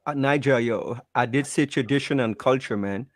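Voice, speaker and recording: A man chatting casually on a stream, relaxed and dropping in "yo" and "I mean" as he makes his point. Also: mid-range voice, normal speed, no echo. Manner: relaxed, peppers speech with "yo" and "I mean". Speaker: panelist.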